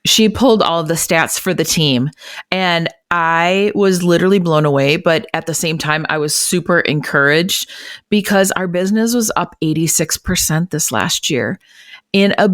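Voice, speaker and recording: Woman realtor on a podcast, teary and swearing, kinda low voice, dry remote-call sound. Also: moderate pace, no echo. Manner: emotional, swears freely. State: tearful. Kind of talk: casual chat. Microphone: remote recording call.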